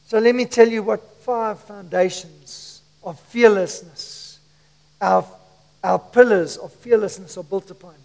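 Very high-voiced man preaching in a hall. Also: a little slow, creaky. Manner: emphatic, calls on the congregation to repeat lines. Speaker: pastor. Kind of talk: sermon. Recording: long reverb of a church hall.

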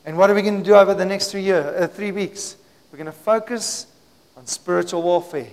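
A pastor preaching a sermon in a church hall, with call-and-response, swinging from hushed to shouting. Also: male voice, sits high, brisk.

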